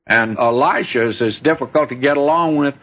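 Husky folksy preacher man, lo-fi. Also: mid-range voice, fairly quick. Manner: folksy storytelling preacher, reads scripture aloud. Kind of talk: sermon. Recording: dull lo-fi recording.

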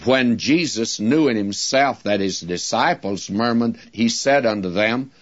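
A muffled recording captures a man with a fairly low pitch teaching Bible study, his folksy preaching slow and deliberate as he talks straight to his listeners.

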